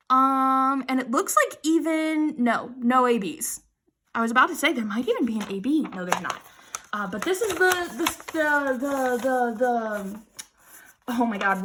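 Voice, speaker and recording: A young woman with a high, bright-sounding voice chats through a craft unboxing, gushing and excitable. She repeats her exclamations and laughs often. A faint hiss sits under the recording. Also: measured pace. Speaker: crafting vlogger. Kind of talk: casual unboxing chat.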